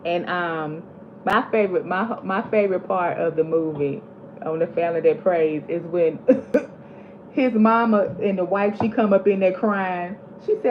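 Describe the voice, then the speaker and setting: A woman hosts her vlog in a casual, chatty way, animatedly retelling scenes from movies. Her voice sits in the mid range and moves at a normal speed. The lo-fi recording sounds slightly dull, with a faint hiss in the background.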